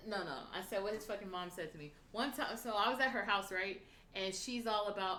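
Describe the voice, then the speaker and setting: A young woman telling a story in casual livestream chat, animated and profane, acting out the lines of the people in it. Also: medium pitch, fairly quick, echoey room. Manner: animated, profane, acts out quotes.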